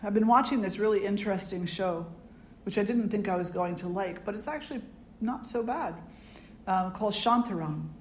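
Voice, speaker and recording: A woman who is a spiritual teacher gives a reflective satsang talk in a conversational style, posing questions to her audience. Her voice is medium-pitched at a normal speed, with a little hiss or hum. The hall sounds roomy, with faint ambience.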